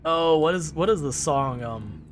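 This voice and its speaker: A man's voice: a little high, expressive, a little slow, slight background noise. A man casually chatting with his live-stream viewers while driving in a game, rambling and laughing easily. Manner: talks to chat while driving.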